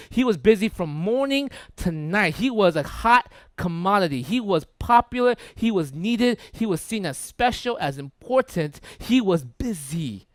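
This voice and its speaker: A male pastor preaches in a loose, conversational sermon style, repeating phrases and checking in with his listeners. His voice sits high for a man. The sound is close and dry, with little room in it. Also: no room sound. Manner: conversational, checks in with "right?" and "okay?"; repeats words for emphasis.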